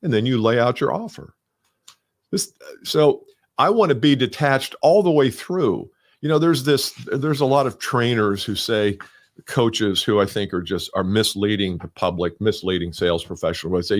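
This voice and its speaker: Low-voiced male sales coach, emphatic. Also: moderate pace. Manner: conversational, emphatic, acts out sales dialogue. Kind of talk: solo coaching talk.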